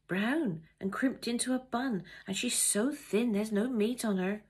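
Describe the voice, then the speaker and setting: A woman's voice: fairly high pitch, unhurried, darkish tone, slightly rough, pitched above the performer's own voice. A woman reading aloud, voicing a young, fretful, gossipy housemaid in a story. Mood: sympathetic.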